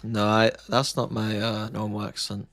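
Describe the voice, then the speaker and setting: A man's voice: lowish voice, completely flat delivery, normal speed, a bit bright. A man casually chatting and joking with his live-stream chat while watching an esports broadcast, rambling and arguing back.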